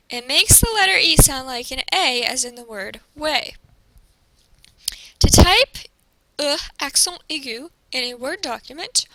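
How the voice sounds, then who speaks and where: A woman teacher narrates a recorded lesson with a high, clear, bright voice. She speaks slowly and carefully and models each pronunciation. The recording is dry and close, with no room sound. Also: dry recording, poor audio. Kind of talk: recorded classroom presentation.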